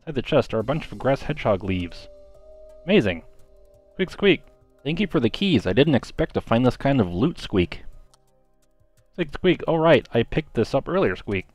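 A man voicing a friendly, polite little hedgehog in a game, ending his lines with a squeak. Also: very animated, normal speed, pauses often, no room sound, soft background music. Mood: delighted.

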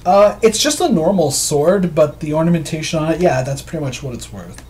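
A man's voice: fairly high pitch, animated, a little fast. A man runs a tabletop game in a loose, chatty style. His narration is casual and easygoing. Faint hiss sits underneath. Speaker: game master.

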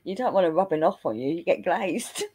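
A woman's voice: on the low side, expressive, brisk, mellow, breathy edge. A woman hosting a casual stream chat, teasing and exasperated, laughing often. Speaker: streamer host.

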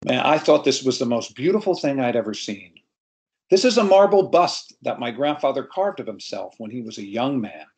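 A middle-aged man from New York tells a family story in a relaxed, anecdotal style, addressing a group over a video call as if they were a live audience. His voice sits at a medium pitch with wide swings in intonation, moves at a normal speed, and has a slightly mellow quality.

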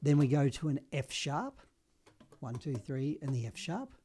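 A man's voice: mid-range voice, measured pace, husky. Jokey Australian sax teacher, man. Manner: jokey, animated, self-deprecating. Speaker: saxophone teacher. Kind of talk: upbeat online music lesson.

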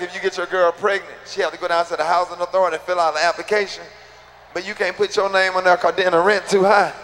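A man's voice: high voice, a bit bright, a little hiss or hum. A man doing live stand-up, telling profane stories in a loose, laid-back way. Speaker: stand-up comedian.

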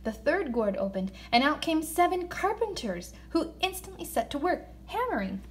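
A woman reads a children's folktale aloud. Her voice sits a little high, and she reads expressively, slowing down on key words. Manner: expressive, slows down for emphasis. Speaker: narrator. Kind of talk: children's story read-aloud.

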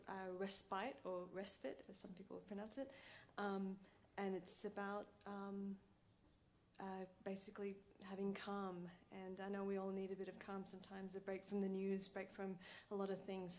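A woman bandleader chatting softly between songs at a live concert, with frequent pauses and light laughter. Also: mid-range voice, flat delivery, slight background noise. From Malaysia. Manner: soft-spoken, with frequent ums and light laughs. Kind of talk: stage banter between songs. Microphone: stage microphone.

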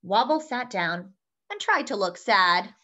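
Woman storyteller for kids, animated and bright, engaging listeners with questions; muffled lo-fi recording. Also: medium pitch, unhurried. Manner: lively, asks young listeners questions. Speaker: children's story reader. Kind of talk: read-aloud storytelling for children. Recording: dull lo-fi sound.

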